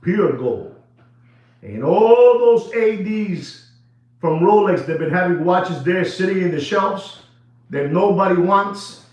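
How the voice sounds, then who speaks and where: In a dull-sounding, echoey room, a watch dealer speaks slowly with a high voice, hosting a video in an excited unscripted monologue. He's animated and repetitive, breaking into shouts, laughter and Spanish.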